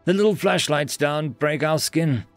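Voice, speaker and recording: A man's voice: on the high side, a little slow, no room sound, soft background music, voice pushed up, lightly acted. A man voicing a cheerful, reckless human soldier who talks casually and shrugs off danger.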